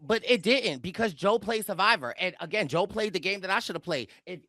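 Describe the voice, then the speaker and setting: A man co-hosting a podcast, recapping in a dramatic, animated, chatty way. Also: sits high, a little fast, dry recording. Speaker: podcast co-host. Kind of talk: casual recap chat.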